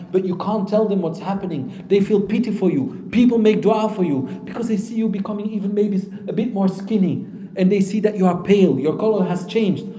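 A man preaching a sermon who swings between loud, emphatic lines and soft, low asides, often asking the audience questions and answering them himself. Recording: echoey hall with long reverb.

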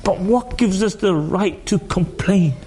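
A man's voice: high-pitched, dark tone, a little hiss or hum. A man giving a sermon, asking the listeners rhetorical questions and weaving in Arabic phrases, stretching out his words for emphasis. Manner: drawn-out emphatic delivery. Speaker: preacher.

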